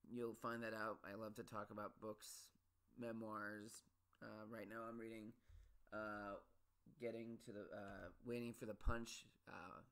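A man's voice: fairly low pitch, fairly bright tone. A man hosting a solo podcast, ranting about his pet peeves in a rambling, restless way, with many restarts and sudden exasperated peaks. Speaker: podcast host.

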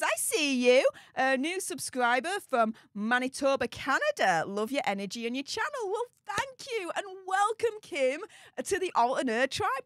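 A woman's voice: high-pitched, fairly bright tone, no echo, studio quality. A woman with a Yorkshire accent hosting a livestream, gushing thanks to viewers for their super chats in an exclamatory, bubbly way. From England. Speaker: livestream host.

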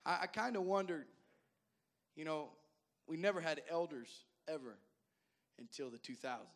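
A male pastor telling folksy stories in a sermon, addressing the congregation directly and repeating words as he goes from loud to soft. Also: a little high, lively intonation, normal speed. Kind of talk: sermon storytelling.

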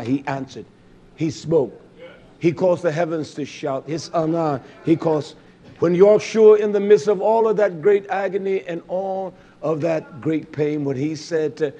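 A man with a high voice delivers a sermon from his seat. He repeats his phrases in a call-and-response rhythm. His delivery swings from loud, fervent outbursts down to low murmurs. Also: a little hiss or hum. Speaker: preacher. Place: seated while preaching.

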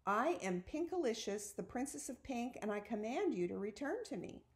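A woman's voice: a little high, very animated, normal speed, voice pushed up. Woman reader doing a little girl, dramatic princess act, commanding, storybook. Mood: playful. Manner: commanding, theatrical. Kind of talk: storybook read-aloud.

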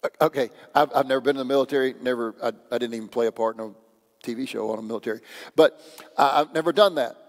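A man's voice: medium pitch, quick pace. A man preaching a sermon as pastor, in a conversational, joking way. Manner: conversational, joking, acts out quoted voices. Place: church sanctuary. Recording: long church hall reverb.

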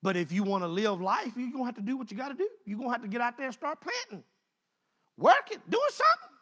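A preacher man with a high-pitched, bright voice. He preaches with lively swings of pitch, rising to loud exclamations and dropping to low, quiet asides. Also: racing. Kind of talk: sermon.

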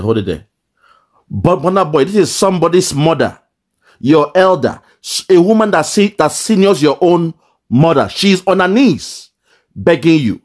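A man speaks in angry, emphatic commentary, his voice sitting a touch high. He stumbles and repeats words as he presses each point hard.

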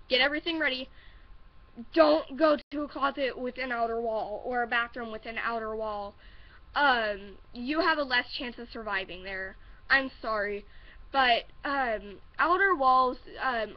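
Teenage girl, Oklahoma accent, high voice, rambling, nervous giggles, lo-fi webcam sound. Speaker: vlogger. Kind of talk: casual vlog advice. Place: at home upstairs. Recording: dull lo-fi webcam audio.

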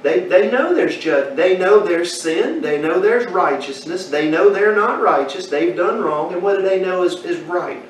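Male Bible teacher, high voice, questions the class, recorded far off in an echoey room. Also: animated, a little slow, few pauses, slight background noise. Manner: asks the class questions, folksy storytelling.

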